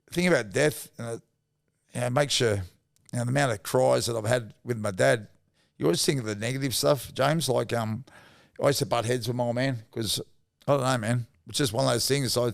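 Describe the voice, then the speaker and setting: A middle-aged Australian man, formerly a rugby league player, appears as a podcast guest and tells emotional stories in a rambling, heartfelt casual chat. His voice is medium-pitched and gravelly, recorded clean in a studio without echo.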